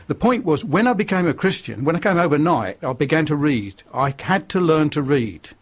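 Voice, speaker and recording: Older man with a Northern English accent, slightly high voice, blunt and preachy, telling his story as a radio guest. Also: lively intonation, normal speed. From northern England. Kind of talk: radio interview testimony.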